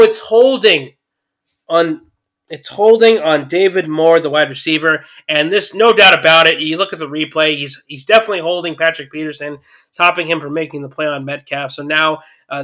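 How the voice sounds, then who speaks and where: A man giving a casual, chatty recap of a football game, getting excited at big plays and using lots of fillers. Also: a little high, moderate pace. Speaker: sports commentator.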